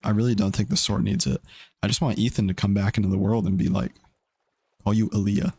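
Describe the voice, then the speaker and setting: A man's voice: on the low side, fairly even intonation, quick pace, dark tone, breathy edge, no echo. A young man casually chatting while streaming a game, rambling and laid-back. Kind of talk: casual gaming stream chat.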